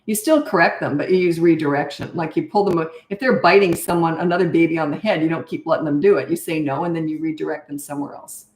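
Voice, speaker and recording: A woman's voice: sits low, fast, hardly any pauses, a little mellow. Older woman coach giving blunt, chatty parenting advice in a roomy, echoing space. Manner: chatty, emphatic, drifts into anecdotes. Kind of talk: answering viewer questions, casual advice. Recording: roomy echo.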